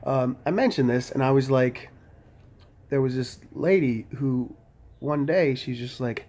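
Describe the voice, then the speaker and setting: Holding his phone camera, this male vlogger speaks at a moderate pace in a slightly mellow, mid-pitched voice. He rambles loosely, fills his talk with "like" and curses often.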